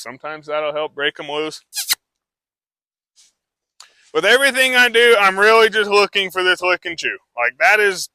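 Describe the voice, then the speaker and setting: A man's voice: fairly high pitch, sharp tone, smooth, no echo. A man who trains horses, talking a live audience through a demonstration in a casual, rambling way full of fillers.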